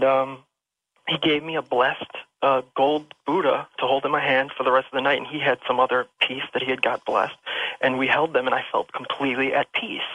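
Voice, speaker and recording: Male caller on a dull, lo-fi phone line with a gravelly, mid-pitched voice; rambling storyteller who restarts often. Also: no room sound. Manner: rambling, emotional, with many restarts. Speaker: radio show caller. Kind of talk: telling a personal ghost story. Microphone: telephone.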